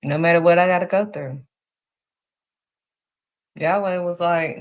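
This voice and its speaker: A woman with a fairly low voice gives a faith encouragement talk on her live stream. She hammers her points home by repeating them, leaning hard on the key words. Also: unhurried, long pauses. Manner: emphatic, repeats key phrases. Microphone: streaming setup.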